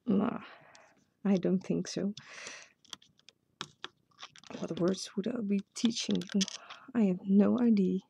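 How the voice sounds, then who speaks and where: A woman's voice: medium pitch, steady tone, slow pace, vocal fry, long pauses, dark tone, slight background noise. A woman with a Dutch accent, a native Dutch speaker, hosting a casual step-by-step craft tutorial and chatting to herself as she works. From Netherlands. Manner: chatty, self-talking while working.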